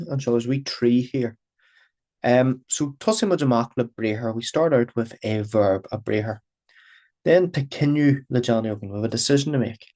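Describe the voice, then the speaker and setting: A man with a mid-range, darkish voice delivers a recorded grammar lesson as a language teacher. He explains patiently and repetitively, saying terms in both Irish and English.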